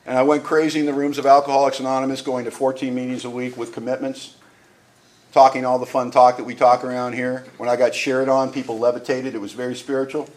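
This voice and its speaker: A man sharing his recovery story at a meeting, telling it as an animated storyteller who acts out the voices in his quotes. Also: medium pitch, quick pace.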